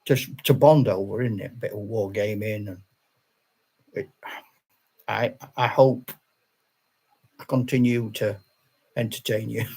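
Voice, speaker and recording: An older retired man hosts a relaxed live chat, rambling and restarting his sentences with plenty of easy laughter. His voice is gravelly, with a husky edge. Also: fairly low pitch, measured pace, long pauses. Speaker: channel host.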